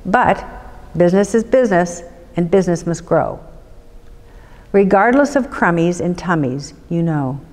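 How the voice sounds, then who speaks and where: A woman, a city councilmember, reading a rhyming children's book aloud for storytime in a measured, rhythmic way. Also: on the low side, expressive, darkish tone, big-room sound.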